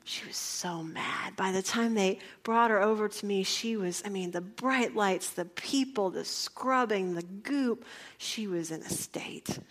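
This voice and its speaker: A middle-aged woman, giving a sermon that mixes a personal story with prayer, often dropping into a soft, intimate whisper. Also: mid-range voice, measured pace, hardly any pauses. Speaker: preacher.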